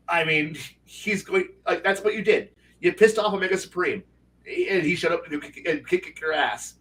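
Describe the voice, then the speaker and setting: A man's voice: sits high, lively intonation, normal speed, sharp tone, distant mic. A man, a game master and co-host, telling a tabletop game story in casual, rambling chat with lots of fillers and restarts. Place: home livestream setup.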